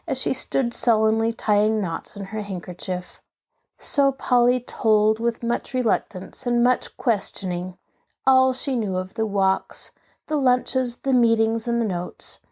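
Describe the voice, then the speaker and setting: A woman narrates a classic novel in a measured, expressive way. Her voice is dark and mellow, at an ordinary pitch for a woman. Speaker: host and audiobook narrator. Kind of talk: scripted narration.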